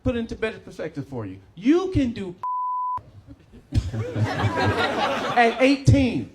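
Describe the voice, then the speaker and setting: This is a woman on stage, ranting through rapid-fire rhetorical questions. Her pitch swings widely as she talks. Background noise is clear in the recording. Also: sing-song, over a noisy crowd. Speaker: stand-up comedian. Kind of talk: stand-up rant.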